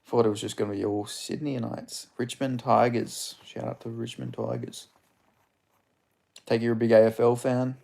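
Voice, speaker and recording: A man's voice: mid-range voice, steady tone, normal speed, vocal fry, warm tone. A man from Perth with an Australian accent, hosting a live stream in a rambling, crude, casual way while greeting chatters by name. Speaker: livestream host.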